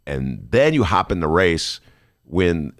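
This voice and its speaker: Very deep-voiced, gravelly male talk host. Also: very animated, slow pace, no echo, clean studio sound. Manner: loose, chatty, laughs easily, voice jumps up when amused. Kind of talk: casual studio chat. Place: studio.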